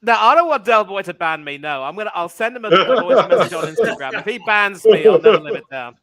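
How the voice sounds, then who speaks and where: High-voiced man from southeast England. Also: animated, fast, fairly bright tone. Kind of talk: casual call-in chat.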